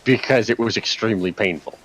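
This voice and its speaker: A man from Canada co-hosting a let's play on a headset mic, talking in a deadpan, literal way. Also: fairly low pitch, fairly quick. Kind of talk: casual gaming chat. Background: game music.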